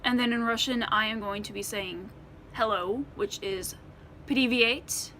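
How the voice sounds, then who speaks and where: A woman's voice: mid-range voice, fairly even intonation, moderate pace, pushed and bright, slight background noise. An American woman chatting casually to the camera in a Q&A vlog, rambling with many ums and restarts. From United States. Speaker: vlogger.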